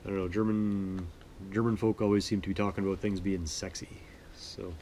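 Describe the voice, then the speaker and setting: A man from Manitoba, Canada, chatting in a relaxed, rambling, self-deprecating way as host of his sewing vlog. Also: deep voice, a little fast, slight background noise. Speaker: sewing vlogger. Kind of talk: relaxed casual chat.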